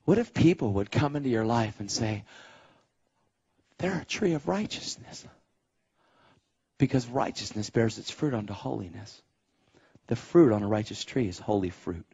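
A middle-aged man preaching a sermon as a story, animated, dropping to a hush and rising to shouts. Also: fairly low pitch, a little fast, breathy edge, muffled recording. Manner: animated, swings from hushed to shouting.

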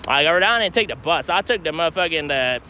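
A man's voice: fairly high pitch, expressive, quick pace, pushed and bright. Rambling young man streaming from a city street. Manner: rambling slangy talk, heavy swearing, frequent "I don't know, homie". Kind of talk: casual live-stream vlog. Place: outdoors on city streets and a train station. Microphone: phone held while walking. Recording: faint street noise from outside.

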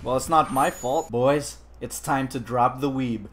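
A man giving loud, excitable commentary over his own gameplay, laughing and shouting often. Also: medium pitch, measured pace. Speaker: gaming streamer.

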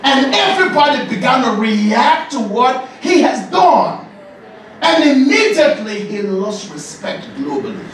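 A man giving an animated, joking masterclass as a leadership coach, often laughing and shouting. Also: extremely high pitch, a little slow. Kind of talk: lively masterclass talk to an audience. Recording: echoey hall, distant mic, noisy.

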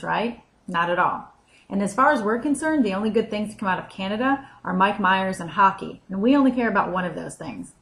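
A woman's voice: medium pitch, a bit bright, rough recording. An American woman with an American accent, delivering a scripted comic vlog list with dry, sarcastic asides. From United States. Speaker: vlogger.

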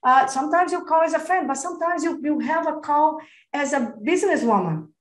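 A woman gives an emphatic live coaching talk over a video call, pushing her points hard and turning to attendees by name. Her voice sits fairly high for a woman. The sound is roomy and echoey. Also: a little fast. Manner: energetic, emphatic, calls attendees by name and "darling"; acts out phone calls and client dialogue. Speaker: real estate business coach.

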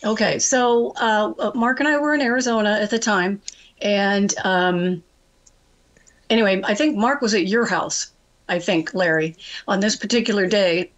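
A woman's voice: mid-range voice, normal speed, muffled recording. Chatty woman telling stories on air. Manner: chatty, animated storyteller, laughs often. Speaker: radio guest, trading coach. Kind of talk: phone-in storytelling on a talk show.

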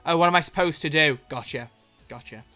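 A streamer giving excitable live commentary on a drawing game, swearing freely and breaking into loud laughter. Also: medium pitch, fairly quick, soft background music.

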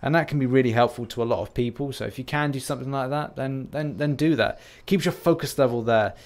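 A man's voice: mid-range voice, fast. A British man talking casually over game footage as a YouTuber, rambling and jokey, making fun of himself. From United Kingdom. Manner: rambling, self-deprecating, jokey. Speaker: gaming YouTuber.

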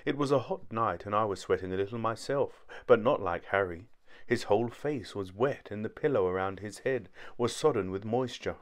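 A man narrating a short story in steady first-person storytelling. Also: lowish voice, moderate pace. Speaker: audiobook narrator.

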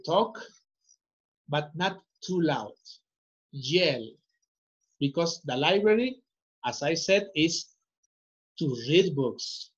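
A patient male English teacher with a slightly husky, fairly high and expressive voice teaches children in an online class. He speaks slowly and repeats each prompt to coax answers, and the sound is muffled like lo-fi call audio.

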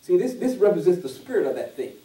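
A man's voice: high voice, fast. A man preaching a conversational sermon to a responsive congregation, telling stories and acting out quoted voices in a casual dialect. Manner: animated storyteller who acts out quoted voices, casual dialect. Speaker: pastor. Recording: roomy church audio from a distance.

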